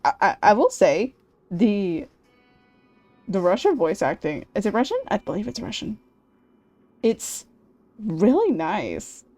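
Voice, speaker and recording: A woman streaming a game, excitable and casual, swearing freely and laughing often. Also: medium pitch, slow pace, pauses often, soft background music.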